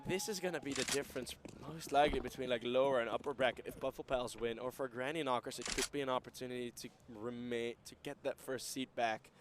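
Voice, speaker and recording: A man's voice: medium pitch, fast talker, few pauses, noisy background. A man giving casual color commentary on an esports match, rambling with many fillers. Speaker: esports co-caster.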